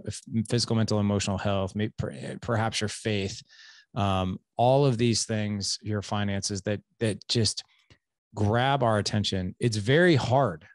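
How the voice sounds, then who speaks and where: A man's voice: on the low side, dry recording, clean studio sound. A man in his forties hosting a podcast interview, telling a candid, self-deprecating story from home life. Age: 40s. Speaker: podcast host.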